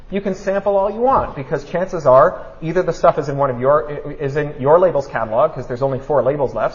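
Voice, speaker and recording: A man giving a public talk, fast and animated, who keeps asking his audience "right?". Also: mid-range voice. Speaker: speaker at a talk. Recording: dull lo-fi recording.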